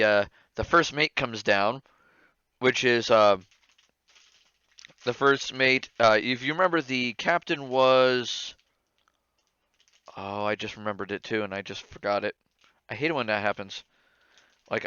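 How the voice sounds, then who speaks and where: A man running a tabletop game as game master, relaxed, with frequent laughter and fillers. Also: medium pitch, clear, resonant tone, no echo, dull audio.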